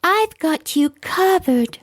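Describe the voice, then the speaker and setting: A woman's voice: extremely high pitch, expressive, slow, no echo, pitched above the performer's own voice, exaggerated voice. A woman voicing a sly, scheming young femme fatale in a storybook reading, with a sugary, mocking manner. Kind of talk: storybook character voice.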